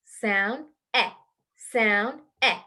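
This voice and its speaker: A young woman teaching young children a phonics lesson over a video call, in a slow, clear, sing-song call-and-response. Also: on the high side, sharp tone. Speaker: kindergarten teacher.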